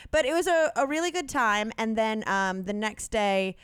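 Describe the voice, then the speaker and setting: A woman in her thirties chats as a podcast co-host, winding through long stories full of fillers. Her voice sits slightly high, and the close-miked sound is dry with no room echo. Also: animated, normal speed, clean tone. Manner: chatty storyteller, rambling with many fillers. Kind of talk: casual chat.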